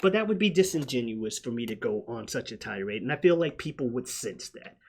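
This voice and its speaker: A man hosting a casual movie-review podcast, ranting loudly and swearing often. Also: medium pitch, a little fast, breathy edge. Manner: profane, animated ranting. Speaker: podcast host.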